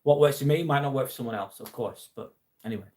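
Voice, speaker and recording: A man's voice: mid-range voice, fast, a little mellow. A man from England with a Lancashire accent, hosting a live stream in casual chat, reading viewer comments aloud and answering earnestly with the odd swear. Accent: Lancashire English. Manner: earnest, supportive, swears now and then.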